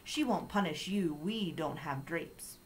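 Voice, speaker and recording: A woman's voice: fairly low pitch, lively intonation, unhurried, a little hiss or hum. A woman reading a children's chapter book aloud, voicing a playful young girl who makes dry, dramatic remarks. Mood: deadpan.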